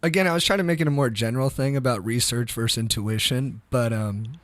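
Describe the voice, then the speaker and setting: A man chats as a podcast guest and tells his stories in a loose, meandering way. His speech is thick with "like" and "dude". His voice sits at a middle pitch and comes through a close mic with a dry, unreverberant sound. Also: fast talker, fairly bright tone, no echo. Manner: loose, slangy, heavy use of "like" and "dude". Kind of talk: casual storytelling chat.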